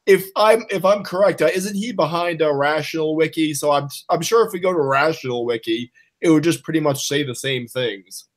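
A man's voice: a little high, brisk, few pauses. A man in a casual podcast discussion, hesitant and analytical, with many filler sounds.

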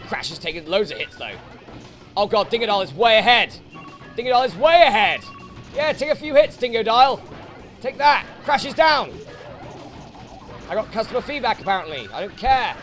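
A British man giving gameplay commentary as a let's play host, swearing and ranting at the game. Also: high voice. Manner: swearing, frustrated outbursts at the game.

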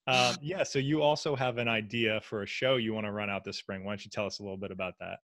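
A man hosting a casual interview, asking relaxed, easygoing questions. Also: on the low side, quick pace, background noise. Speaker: interview host.

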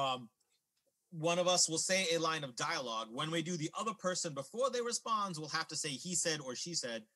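Improv comedy host, bright husky voice, quick playful delivery. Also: male voice, on the high side. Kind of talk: improvised scene narration.

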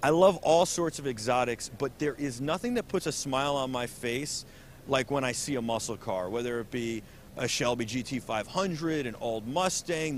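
A man's voice: medium pitch, slight background noise. A man hosting an auto show interview, talking eagerly and animatedly and often repeating words. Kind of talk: enthusiastic interview. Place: busy convention hall booth.

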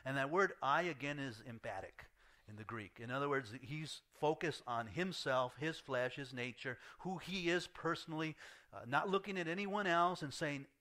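A man's voice: fairly high pitch, normal speed, bright, forceful tone. A man preaching a verse-by-verse sermon in conversational style, acting out quoted lines with a rising voice and dropping almost to a whisper at the end of a point. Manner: fillers and restarts, conversational preaching. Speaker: pastor. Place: church sanctuary.

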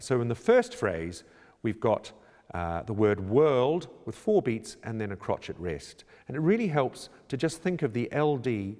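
A choir director talks through a score in a calm, measured, explanatory voice. His voice sits somewhat low. The recording has a long, lingering reverb. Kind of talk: instructional talk on score preparation. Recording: reverberant room with long echo.

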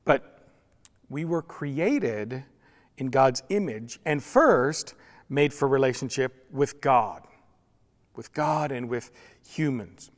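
A man's voice: medium pitch, animated, takes it slowly, long pauses. A male pastor giving a sermon, telling the story with humor and acting out voices. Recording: long reverb in a church hall.

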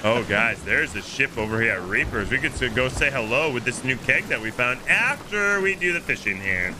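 A man's voice: mid-range voice, animated, normal speed, noisy background. A young man hosting a game stream, chatting casually with friends in a playful, joking way and slipping into mock-solemn preaching. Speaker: streamer and host. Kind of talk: casual gaming chat with friends.

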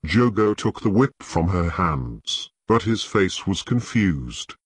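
Husky-voiced male audiobook narrator. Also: low voice, very animated, takes it slowly, few pauses, no room sound.

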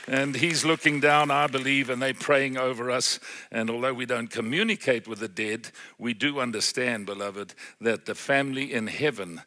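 Bright-voiced fervent middle-aged preacher man. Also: mid-range voice. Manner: fervent preaching, frequent hallelujahs, swings between loud and hushed. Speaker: pastor. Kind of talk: sermon.

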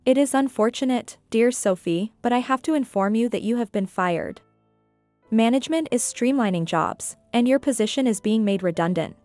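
Woman reading an apologetic man heading a department, plain delivery, fairly high voice. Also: lively intonation, normal speed, a little mellow, no room sound, faint music behind, lightly acted. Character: apologetic male department head.

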